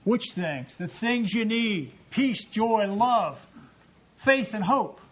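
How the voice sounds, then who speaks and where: Male preacher, high voice, lively and joking with the congregation, reads scripture aloud. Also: takes it slowly. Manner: animated, jokey, reading scripture aloud to a congregation. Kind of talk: sermon. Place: church sanctuary.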